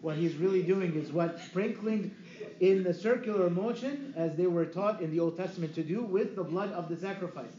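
A man preaching a teaching sermon, lively and asking his listeners questions he then answers himself. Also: high voice, normal speed. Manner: lively, asks the audience questions and answers them. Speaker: priest. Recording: echoey room, dull lo-fi sound, faint hiss.

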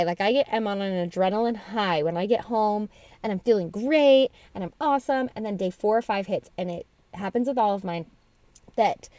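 A woman's voice: mid-range voice, darkish tone, no echo. Frank woman in a dry recording. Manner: frank, conversational, tells stories in runs of repeated phrases. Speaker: podcast co-host. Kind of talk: casual chat.

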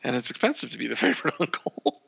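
A man's voice: medium pitch, fast, gravelly, breathy edge. A man co-hosting a casual podcast, laughing often and acting out what people said. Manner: laughing, animated, acts out quotes. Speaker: podcast co-host. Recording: dull lo-fi sound.

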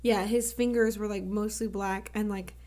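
Lively American woman podcast co-host. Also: mid-range voice, normal speed. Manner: lively, laughs easily, jokey. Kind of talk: casual film discussion podcast.

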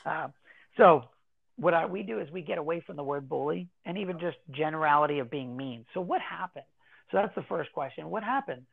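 Man, fairly high voice, gravelly, animated, tinny phone-like sound. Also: a little fast. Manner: animated, acts out children's voices while explaining. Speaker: guest, anti-bullying educator. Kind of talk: casual interview talk.

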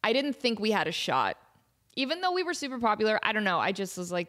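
A woman's voice: mid-range voice, fast. Bubbly woman host telling stories. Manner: bubbly, animated, giggly. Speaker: podcast host. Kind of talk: casual storytelling.

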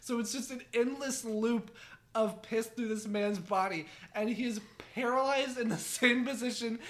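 A podcast co-host with a high-sitting, fairly bright voice tells a crude story during casual conversation. He rambles and giggles often as he talks.

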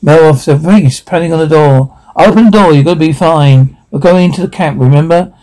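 A man reading out film dialogue and sound captions in one flat voice, taking every character's lines himself. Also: on the high side, a little fast, poor audio.

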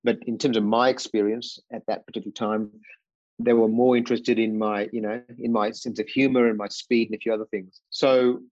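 A man's voice: lowish voice, little pitch movement, a little fast, darkish tone, dry recording, muffled recording. Man in his sixties telling his story. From England. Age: 60s. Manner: earnest, with frequent fillers and restarts. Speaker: podcast guest. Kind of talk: reflective personal storytelling.

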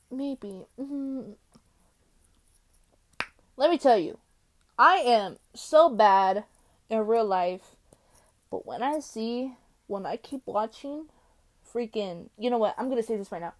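A woman from the United States hosting her own podcast in a casual solo chat, rambling and excitable as she jumps between topics with many fillers. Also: on the high side. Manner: swings between loud exclamations and quiet mumbling. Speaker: podcast host.

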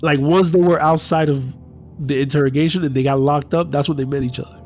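A man's voice: a little high, steady tone, fast, darkish tone, a little hiss or hum. A man retelling a story in casual chat, loose and profane, acting out the voices.

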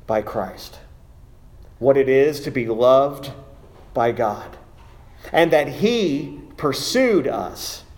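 A man preaching a sermon, deliberate and emphatic, with frequent filler uhs between phrases. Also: a little high, darkish tone.

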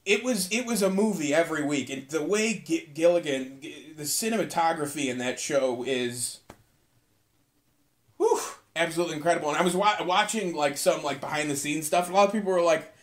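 Guy with a high voice ranting on his own podcast, cusses a lot, gets worked up fast. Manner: profane, rambling, excitable. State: tired. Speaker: podcast host. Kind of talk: casual solo podcast rant.

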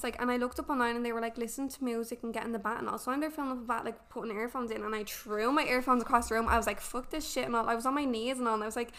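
A young woman in her twenties, talking quickly and pitched a touch high. She chats as a podcast guest, candid and loose, with plenty of fillers and curses. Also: fairly bright tone. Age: 20s. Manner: candid storytelling full of fillers and swearing. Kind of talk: casual chat.

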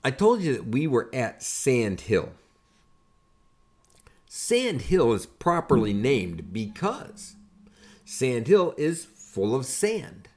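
A man's voice: medium pitch, slow pace. Older man telling army stories. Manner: animated, conversational, builds to punchlines. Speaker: podcast host and army veteran. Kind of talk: casual storytelling.

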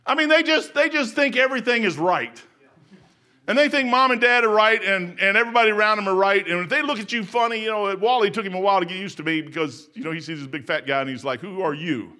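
An older man preaching a folksy sermon, laughing often and swinging from shouts to hushed asides. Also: high voice, quick pace. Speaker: pastor. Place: church sanctuary.

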